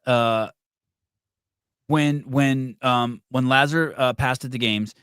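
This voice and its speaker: A middle-aged man with a mid-pitched voice hosts a casual podcast. He talks bluntly, swears freely and jokes around, and the sound is dry and close. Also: steady tone, slow pace, a bit bright, clean tone, dry recording. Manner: blunt, profane, joking. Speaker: podcast host. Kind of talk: casual conversation.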